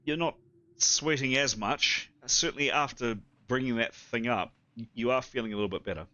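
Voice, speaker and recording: A man running an online tabletop game as game master, narrating game results in a steady, descriptive way. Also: medium pitch, normal speed, muffled recording.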